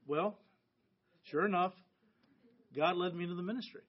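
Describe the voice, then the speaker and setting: This high-pitched, animated voice belongs to a middle-aged American pastor who speaks briskly but leaves long pauses. He preaches a sermon to his church in an earnest, conversational way, and the recording has a dull lo-fi sound.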